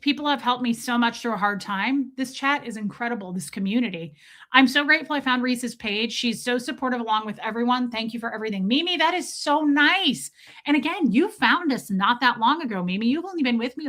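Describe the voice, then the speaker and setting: A bright, fairly high-voiced woman in her forties hosts a casual livestream. She tells personal stories with animated energy and stops to read out and thank viewer comments. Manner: animated, storytelling, reads viewer comments aloud. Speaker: livestream host.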